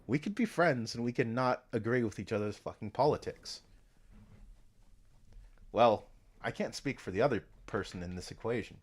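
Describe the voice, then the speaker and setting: A man's voice: mid-range voice, lively intonation, normal speed, long pauses. A man streaming, talking to himself in a meandering, casual way, swearing often and trailing off into restarts. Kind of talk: casual rambling stream talk.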